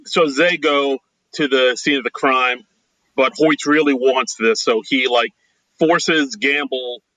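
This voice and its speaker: A man with a bright, sharp voice recaps a film plot in a relaxed, rambling way, filling pauses with ums and likes. The sound is close and dry. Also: medium pitch, no echo, rough recording. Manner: relaxed, loose recaps with filler words. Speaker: podcast co-host. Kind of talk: casual movie discussion.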